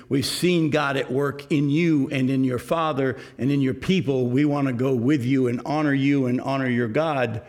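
A man's voice: mid-range voice, creaky. A man preaching a sermon, reading scripture aloud and explaining it to his congregation. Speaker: pastor.

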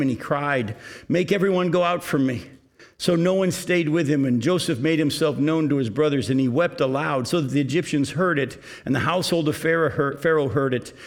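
A man preaching a sermon, reading scripture aloud and explaining it to his congregation. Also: fairly high pitch. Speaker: pastor.

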